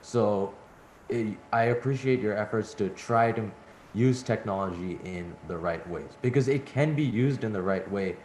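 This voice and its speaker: A man with a lowish voice responds to a speaker at an online event, rambling a little and restarting his words. His voice echoes around the room. A faint background hum sits underneath. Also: moderate pace, a little mellow. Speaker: event moderator.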